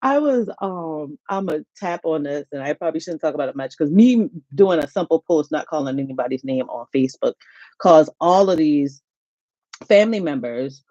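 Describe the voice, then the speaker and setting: A middle-aged woman, hosting a casual live-stream chat, animated and laughing often. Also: deep voice, no echo, highs cut off. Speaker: HR YouTube channel host. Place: home.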